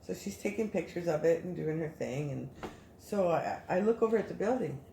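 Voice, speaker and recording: A woman casually telling a story as a guest, animated and rambling with many restarts. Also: on the low side, brisk, creaky, roomy sound, a little hiss or hum.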